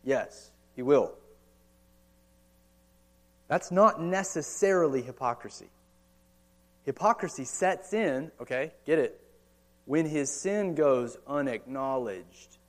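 A man in his thirties with an American accent preaches animatedly and a little slowly, his pitch fairly high. This pastor from the United States speaks conversationally in a church or meeting hall, leaning on rhetorical questions and casual asides.

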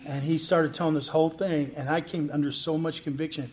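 A man who is a pastor, telling a personal testimony in an animated way and acting out the lines of people in his story. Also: a little high, fairly quick, a little hiss or hum. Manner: animated, acts out quoted dialogue.

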